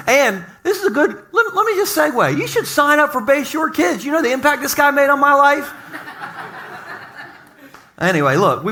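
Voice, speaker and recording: A man preaching to his congregation in a lively, joking way, speaking in a church basement. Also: sits high. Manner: energetic, joking, talks to the congregation. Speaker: pastor. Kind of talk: lively sermon opening.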